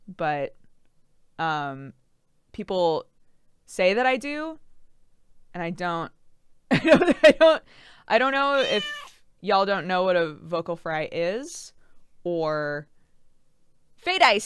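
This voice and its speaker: Woman streamer, lively and laughing, smooth voice, dry close sound. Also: on the low side, slow, long pauses, dry recording. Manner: giggly, animated, says "like" a lot. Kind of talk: casual chat reading stream chat.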